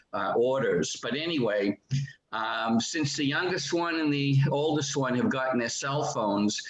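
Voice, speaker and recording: A man's voice: medium pitch, a bit bright. A man in his seventies calling in to a talk show, speaking earnestly and with emotion. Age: 70s. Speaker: caller. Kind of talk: casual call-in sharing. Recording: dull, roomy call audio.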